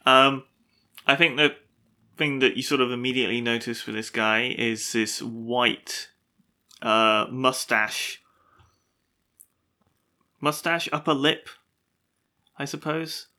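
A man's voice: mid-range voice, slow, long pauses, bright, forceful tone. A man co-hosting a casual science podcast, describing an animal in an easygoing way with fillers. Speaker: podcast co-host.

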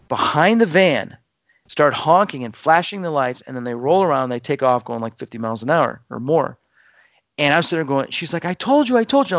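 A man of medium pitch narrates a dramatic personal experience for listeners, voicing the quoted characters with lively emphasis. The audio is dull, with no echo.

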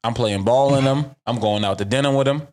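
A man's voice: medium pitch, fairly quick. A man from Boston hosting a casual podcast chat, joking and emphatic as he talks with friends. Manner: animated, jokey, emphatic. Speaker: podcast host.

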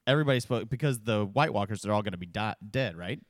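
A man's voice: fairly low pitch, expressive, fast, no room sound, studio quality. A man co-hosting a beer podcast, arguing his point in casual chat, often stumbling and repeating words. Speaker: podcast co-host.

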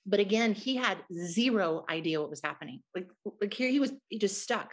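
A woman's voice: medium pitch, lively intonation, a little fast. A middle-aged woman, a guest in an interview, telling a personal testimony in an earnest, emotional way.

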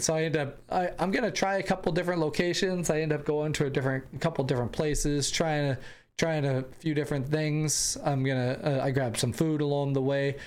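A young American man hosting a podcast, telling a travel story casually with rambling restarts and bursts of laughter. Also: fairly high pitch. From United States. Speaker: podcast host.

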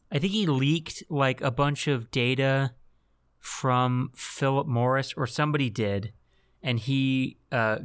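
A man with a smooth, clear voice chatting on a podcast. He tells stories loosely and swears freely, at a middle pitch. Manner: loose, profane storytelling. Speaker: podcast host and editor. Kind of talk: casual chat.

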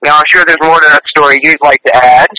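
A man's voice: a little high, fairly even intonation, fast talker, bright, forceful tone, rough recording. A man guesting on an interview, a singer who tells his stories in an earnest, chatty way. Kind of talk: casual interview storytelling.

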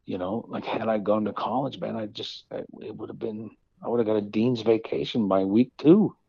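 Husky-voiced man musician, rambling and halting. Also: fairly low pitch, steady tone, dark tone, no room sound, muffled recording. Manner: rambling, halting restarts, self-deprecating. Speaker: musician guest. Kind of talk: casual interview conversation.

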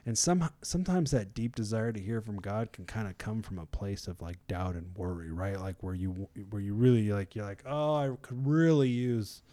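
A man's voice: lowish voice, fairly quick, few pauses, dark tone. A man giving a casual devotional reflection in a rambling, conversational way, with many fillers and restarts and frequent chuckles. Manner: chuckles often. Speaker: devotional speaker.

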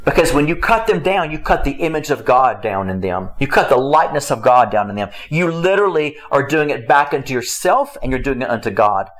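A man giving a faith-based talk on marriage, emphatic and repetitive, with his pitch swinging up and down. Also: sing-song, fairly quick, few pauses, fairly bright tone, rough recording. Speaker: marriage teacher.

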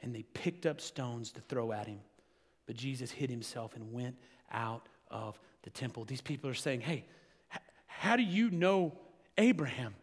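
A male pastor preaching a sermon to his congregation, building to loud, emphatic passages. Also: mid-range voice, lively intonation, moderate pace, in a large hall.

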